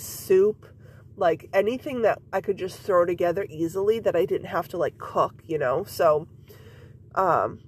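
A woman podcast host with a stuffy nose and scratchy throat, chatting casually and rambling with lots of fillers. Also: on the low side. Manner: rambling, many fillers and repeats. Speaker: podcast host and mom coach. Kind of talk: casual personal chat.

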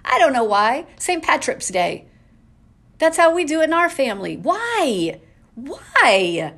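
A woman's voice: on the high side, fairly bright tone. A woman hosting a casual solo podcast from home, ranting in an exasperated way with lots of rhetorical questions. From New England. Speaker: podcast host.

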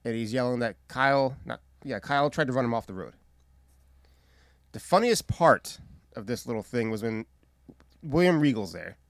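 A man's voice: mid-range voice, expressive, normal speed, pauses often, no room sound, clean studio sound. A man co-hosting a casual wrestling recap podcast, swearing freely as he retells the show. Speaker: podcast co-host.

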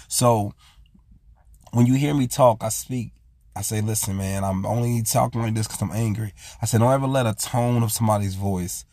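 Gravelly-voiced man giving heartfelt advice. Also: fairly low pitch, darkish tone, dry recording, clean studio sound. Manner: earnest, repeats "I said" while retelling talks. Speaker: vlog host. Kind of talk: casual heartfelt monologue.

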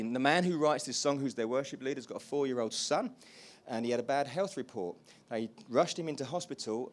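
A man preaching a sermon, animated and conversational, moving from quiet asides to loud emphatic praise and often asking the congregation questions. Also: medium pitch. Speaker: pastor.

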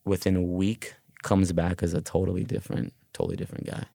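A man earnestly recounting a personal story, halting and restarting as he goes. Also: low voice, level tone, gravelly, dark tone, dry recording, clean studio sound.

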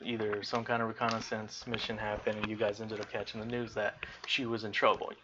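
A man's voice: on the low side, little pitch movement, a little fast, dull audio, very noisy. A man narrating as game master in a casual tabletop game, talking with lots of fillers and restarts. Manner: hesitant, many fillers and restarts.

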